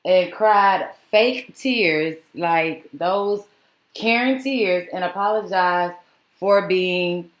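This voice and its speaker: A woman's voice: lowish voice, very slow, reverberant. A woman talking casually to her viewers in a vlog, laughing often and mocking what she reacts to. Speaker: vlogger. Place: home with dogs.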